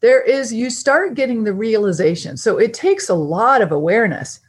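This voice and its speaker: A woman's voice: on the high side, animated, moderate pace. A woman hosting a podcast interview, engaged and enthusiastic as she asks questions. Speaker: podcast host. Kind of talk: casual interview chat.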